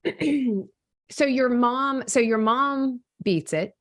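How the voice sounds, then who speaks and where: A woman's voice: high-pitched, takes it slowly. A woman co-hosting a podcast, asking questions conversationally with frequent restarts. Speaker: podcast co-host. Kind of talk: conversational interview.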